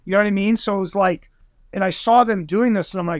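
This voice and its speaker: A man guesting on a podcast, telling a story in an excitable, rambling way and acting out other people's voices. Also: high voice, fairly quick, dry recording, studio quality. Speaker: guest investigator. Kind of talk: animated storytelling in conversation.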